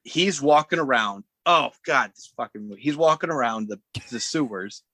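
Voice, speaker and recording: A man co-hosting a podcast, retelling a movie's plot in a rambling, animated way, often restarting his sentences. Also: medium pitch, moderate pace, dry recording, poor audio. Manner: rambling retelling with acted-out quotes, frequent restarts. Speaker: podcast co-host. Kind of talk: casual movie recap chat.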